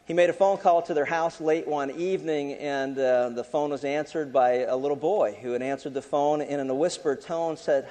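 A man's voice: mid-range voice, moderate pace, few pauses, warm tone, long reverb tail. A man preaching a sermon as a pastor, telling a story in a conversational way with frequent restarts.

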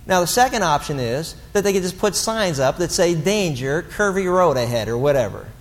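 A man preaching a sermon as pastor, animated and blunt, mocking the excuses he quotes. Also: on the high side, fairly quick, big-room sound.

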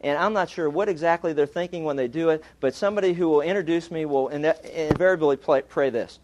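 Joking preacher with a lively voice. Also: male voice, a little high, brisk, few pauses, a little hiss or hum. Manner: humorous storytelling, animated. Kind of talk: sermon.

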